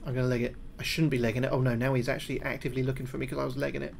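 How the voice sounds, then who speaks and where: Excitable sweary man streaming. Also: medium pitch, racing, gravelly, few pauses, a little hiss or hum. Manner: excitable, swears a lot, yelps when scared. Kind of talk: live gameplay commentary.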